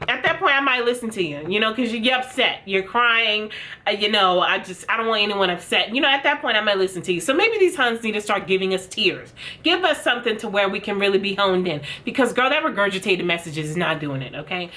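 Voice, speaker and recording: A woman's voice: medium pitch, animated, fast talker, sharp tone. A young adult woman giving frank, sassy commentary to camera as a vlog host, addressing viewers as "girl". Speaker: commentary vlogger.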